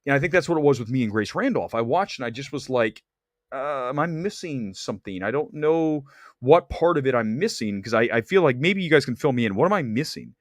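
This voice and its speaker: Animated sarcastic man streaming. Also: medium pitch, brisk, no room sound, studio quality. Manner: animated, sarcastic, reads viewer comments aloud. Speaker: movie review livestream host. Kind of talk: casual opinionated livestream chat.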